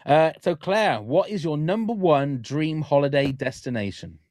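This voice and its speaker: Guy hosting a podcast, rambly and excited, lots of uh and um, dry close sound. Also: fairly high pitch, moderate pace, no echo. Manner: enthusiastic, rambling with fillers. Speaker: podcast host. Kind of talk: casual chat.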